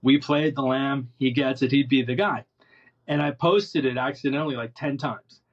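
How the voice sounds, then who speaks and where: A man's voice: medium pitch, normal speed. Guy rambling thru music stories, lots of restarts, kinda muffled audio. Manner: rambling, animated anecdotes with many restarts. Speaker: interview guest, musician and producer. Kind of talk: casual storytelling in an interview.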